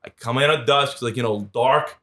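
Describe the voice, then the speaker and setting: A man, telling lively stories as a podcast guest and acting out the voices of the people in them. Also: mid-range voice, moderate pace, a little hiss or hum. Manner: animated storyteller, acts out quoted voices. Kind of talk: casual storytelling interview.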